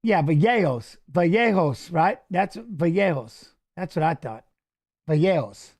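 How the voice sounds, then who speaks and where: A middle-aged man hosting a fight watch-along, chatting casually and coaching the fighters aloud with excited calls. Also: fairly high pitch, unhurried. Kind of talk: casual live fight commentary.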